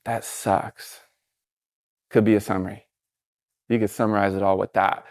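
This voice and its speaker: This middle-aged man speaks quickly in a lowish voice, delivering a laid-back, upbeat motivational talk from a stage to a live crowd. He's chatty and encouraging, with plenty of fillers, and the recording is dry with clean studio sound.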